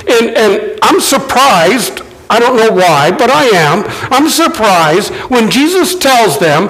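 A man preaching a sermon, animated and acting out quoted lines in shifting voices. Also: very high-pitched, measured pace, a little hiss or hum, rough recording. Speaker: pastor.

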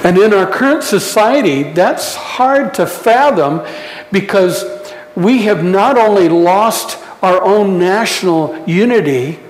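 Man, sermon, high-pitched voice, slow reflective delivery, roomy echo, long reverb. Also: lively intonation, slight background noise. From United States. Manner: slow, reflective preaching with pauses. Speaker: pastor.

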